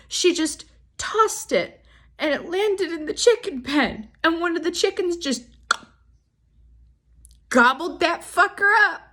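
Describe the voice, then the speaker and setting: A young woman with a fairly high voice tells funny stories to her viewers. She talks in a loose, animated way. She swears freely and laughs along as she goes. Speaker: vlogger. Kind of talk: casual storytime.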